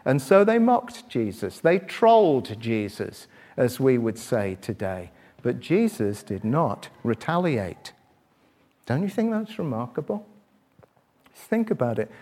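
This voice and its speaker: A middle-aged man preaching a sermon, asking his listeners direct questions and swinging between loud, quick passages and quiet, slow reflection. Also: a little high. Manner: rises loud and fast when stirred, drops quiet and slow to reflect.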